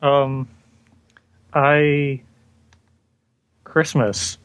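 A man's voice: medium pitch, little pitch movement, drawn-out words, no echo. A man on an online call chatting casually, stumbling and fumbling for words. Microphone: computer mic on a voice call.

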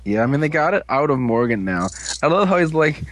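A man in a casual chat, rambling and halting, restarting his sentences and laughing often. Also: a little high, very animated, slight background noise. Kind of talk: casual chat about a TV show.

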